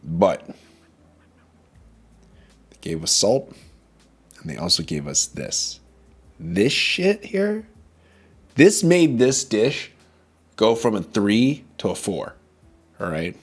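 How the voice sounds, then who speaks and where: A man's voice: fairly low pitch, big pitch swings, slow pace, long pauses, slightly rough. A man streaming as a vtuber, chatting casually about food and reading chat, switching between English and Mandarin.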